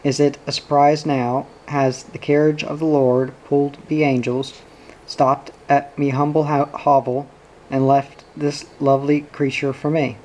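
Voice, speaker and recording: Jovial tipsy father, boisterous and florid, read by a man, slow and mellow. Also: on the high side, flat delivery, natural voice, rough recording. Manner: boisterous, florid and sing-song.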